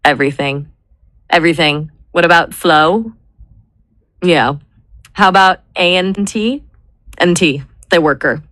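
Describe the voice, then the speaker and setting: A woman talks through ideas in an unhurried, measured way, often spelling words out letter by letter. Her voice sits a little low and she takes her time. The recording is close and dry. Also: fairly bright tone, no room sound. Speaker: brainstorming assistant. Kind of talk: casual brainstorming chat.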